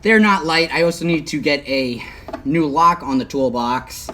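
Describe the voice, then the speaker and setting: A man's voice: on the high side, normal speed, pushed and bright. A young man talks casually as he works outdoors, hot and sweating, and now and then drops into a mutter. He speaks into a phone mic, with faint outdoor noise and ambience behind him. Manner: chatty, talks while working, often mutters. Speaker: livestreaming YouTuber. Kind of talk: casual how-to livestream. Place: outdoors, working on a truck.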